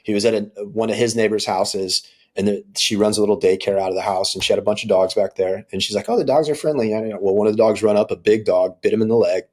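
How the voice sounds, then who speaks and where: A man with a somewhat low voice co-hosts a podcast in casual chat. He is blunt, swears easily and keeps calling his co-host dude. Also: flat delivery, fast talker, few pauses.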